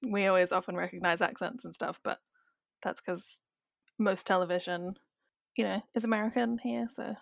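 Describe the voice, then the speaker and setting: A woman's voice: mid-range voice, steady tone, moderate pace, gravelly, dry recording. Giggly South Australian woman, dry close sound. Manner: friendly and giggly, laughs often. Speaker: podcast guest. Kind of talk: casual film podcast chat.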